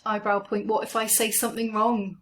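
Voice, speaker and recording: A woman coaching a guided EFT tapping session, speaking slowly and gently as she names each tapping point. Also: mid-range voice, little pitch movement. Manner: slow, gentle, soothing guidance.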